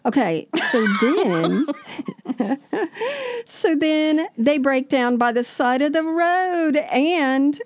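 A woman's voice: high voice, lively intonation, very slow. A woman co-hosting a casual chat, retelling a story with amused laughter.

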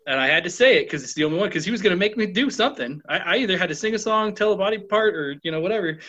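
Lively storytelling man with a bright voice. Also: sits high, racing. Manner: animated, acts out quoted voices. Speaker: guest. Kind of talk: casual storytelling. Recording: dull lo-fi sound.

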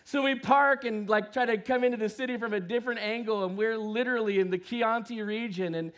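A man in his forties from the United States preaching a sermon, swinging from hushed asides to loud, emphatic lines and acting out voices in his stories. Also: high voice, fairly even intonation, fairly quick. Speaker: pastor.

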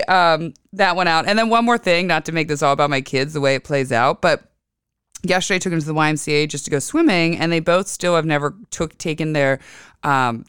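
A woman hosts an astrology show in a casual, chatty monologue. Her voice is very smooth and crisp, and it is recorded dry and close. She tells her stories with animated quoting. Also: sits low, no room sound. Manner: chatty, animated storytelling with lively voiced quotes. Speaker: astrology podcast host.

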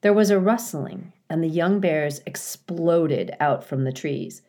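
Woman teacher, unhurried read-aloud, deep-ish calm tone. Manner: calm, clear storytelling with occasional dramatic emphasis. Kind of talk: reading a children's novel aloud.

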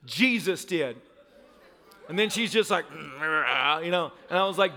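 A man's voice: high-pitched, animated, a little slow, gravelly, pushed and bright. A pastor in his thirties preaching a sermon, telling a story with laughter and a voice that cracks upward. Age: 30s.

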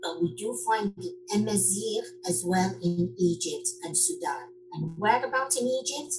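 A middle-aged woman from Morocco, a dance teacher talking casually in an interview, animated and full of fillers and restarts. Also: medium pitch, moderate pace, over music, rough recording.

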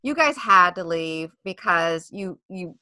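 A woman co-hosting a podcast, bubbly and animated as she recalls a fun night. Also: fairly low pitch, slow, no room sound, studio quality. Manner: bubbly, animated, big swings in voice. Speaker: podcast co-host. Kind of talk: casual chat.

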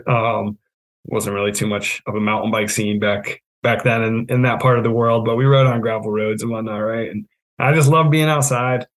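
A man's voice: fairly low pitch, steady tone, normal speed, low-quality recording. A man in his thirties from New England, telling stories as a podcast guest in a laid-back, self-mocking way with frequent laughs. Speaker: guest, trail project manager. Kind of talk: casual storytelling.

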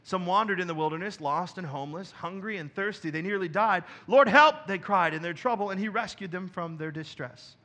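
Pastor guy preaching a sermon on stage, bright kinda high voice, gets loud and emphatic then drops quiet. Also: brisk, hardly any pauses. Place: church stage.

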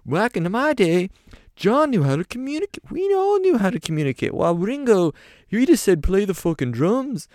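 A man doing a high, gushing old rock star. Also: normal speed, no echo, clean studio sound. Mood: excited. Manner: rambling, swears freely, high excited delivery. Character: aging male British rock star, chatty and profane.

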